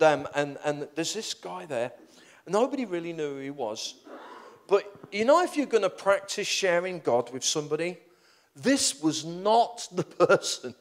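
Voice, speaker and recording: A middle-aged preacher telling stories from the pulpit, his voice pitched a touch high and swooping all over. He rambles, restarts and pokes fun at himself as he goes. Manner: animated, self-deprecating, rambling with restarts. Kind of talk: storytelling sermon.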